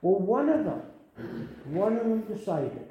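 A man's voice: high voice, big pitch swings, measured pace, dull audio, a little hiss or hum. An older man preaching a sermon earnestly, repeating phrases and rising to emphatic calls. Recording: very echoey room.

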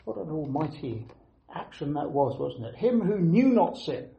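An earnest man preaches in a fairly high voice. He presses each point with repeated phrases and pauses. The recording is roomy and echoey, with a dull, lo-fi sound. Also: very animated, creaky. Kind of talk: sermon.

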